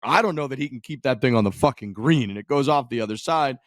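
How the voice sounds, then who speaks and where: A man's voice: mid-range voice, fast talker, dry recording, studio quality. A man co-hosting a podcast, telling a golf finish blow by blow in loose, profane chat. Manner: animated, profane play-by-play storytelling. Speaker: podcast co-host. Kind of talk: casual sports chat.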